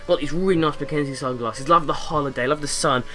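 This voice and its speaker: A man's voice: on the high side, fast talker, bright, forceful tone, soft background music. A young man from England giving a rambling, jokey commentary over a racing game in his bedroom, slipping into silly voices now and then. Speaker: gaming YouTuber. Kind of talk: casual gameplay commentary. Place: bedroom with window open.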